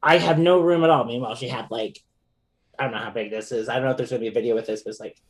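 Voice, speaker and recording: A male podcast guest with a mid-range voice rushes through a personal story very fast in casual chat. Animated and often laughing, he stumbles through plenty of fillers and restarts.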